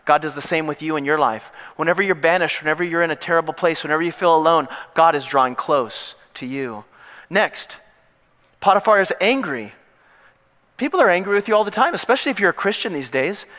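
A male pastor giving an animated, emphatic sermon that mixes in jokes. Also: fairly high pitch, fairly quick. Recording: long echo in a large hall.

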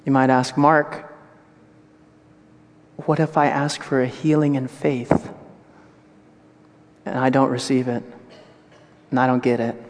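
A male pastor preaching a sermon, moving from hushed, tender passages to loud, animated storytelling. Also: mid-range voice, takes it slowly, long pauses. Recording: long reverb of a large hall.

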